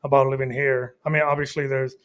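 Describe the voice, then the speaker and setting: A man's voice: mid-range voice, little pitch movement, fast talker, a bit bright, clear, resonant tone, dull audio. A man from California co-hosting a casual chat, easygoing and joking. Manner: easygoing, joking, laid-back. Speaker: co-host.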